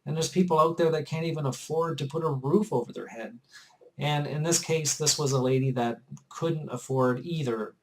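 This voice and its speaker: A man's voice: on the high side, normal speed, a little mellow, rough recording. A man vlogging, earnestly telling a personal story in a chatty, repetitive way. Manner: earnest and chatty, often repeats himself. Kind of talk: casual storytelling to camera.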